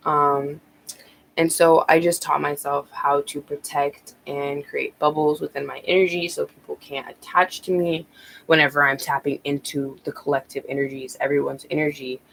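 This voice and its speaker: Woman, tarot teacher, casual live-stream talk, gravelly, slightly out of breath, faint noise behind. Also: deep voice, little pitch movement, normal speed, fairly bright tone, rough recording. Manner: rambling, many ums and restarts. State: a bit out of breath.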